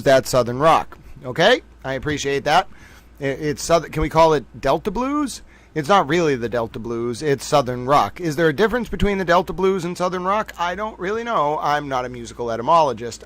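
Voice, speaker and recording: A man hosting a casual live stream, joking loudly with his chat and drawing out playful asides. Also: on the high side. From United States. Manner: jokey, loud, drawn-out playful asides. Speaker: livestream host. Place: home studio in Boston.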